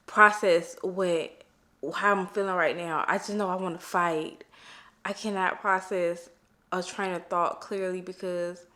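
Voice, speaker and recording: Young woman, lowish voice; casual vlogger, exasperated, restarts a lot. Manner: expressive, exasperated, stammering restarts. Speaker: book vlogger. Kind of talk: casual reading vlog chat.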